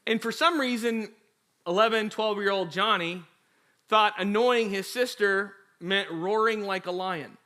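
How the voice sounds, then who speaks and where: Bright, high-voiced male pastor preaching. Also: unhurried. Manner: animated storytelling with acted quotes; chatty, addresses the congregation directly. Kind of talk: sermon.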